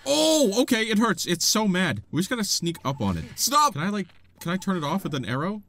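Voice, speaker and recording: A man's voice: sits high, very animated, a little fast, pushed and bright. A man giving playful, sarcastic gameplay commentary as a video host, often laughing. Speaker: gaming YouTuber.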